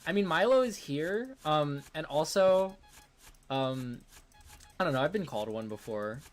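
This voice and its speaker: Slow, lively-pitched joking host. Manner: joking, giggly, crude humor. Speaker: channel host. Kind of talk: casual chat on a stream.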